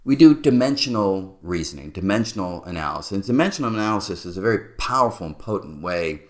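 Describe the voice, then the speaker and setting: A man's voice: low-pitched, animated, fast talker. A middle-aged man explaining a physics derivation step by step, musing aloud as he writes. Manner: musing, talks to himself while writing. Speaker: physics lecturer.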